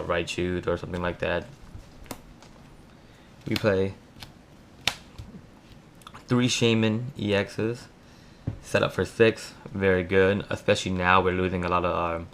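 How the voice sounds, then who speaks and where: A man's voice: low-pitched, a little hiss or hum. A man from Florida with a lisp, talking casually and hesitantly with lots of ums as he walks through a card game deck. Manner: talks fast, hesitant with ums. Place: home room at night.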